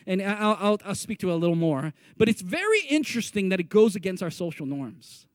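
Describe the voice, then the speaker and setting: A man with a notably high voice preaches a sermon in a lively, conversational way. He jokes with his listeners and calls on them to repeat phrases back to him. The sound is dry and close, with little room in it. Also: brisk, hardly any pauses, no room sound. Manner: joking asides to the audience. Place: meeting room with a live audience.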